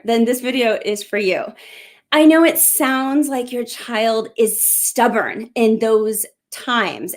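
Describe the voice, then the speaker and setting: A middle-aged woman hosting a live parenting question-and-answer talk, speaking earnestly and encouragingly straight to parents. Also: fairly high pitch. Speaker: parenting coach and show host.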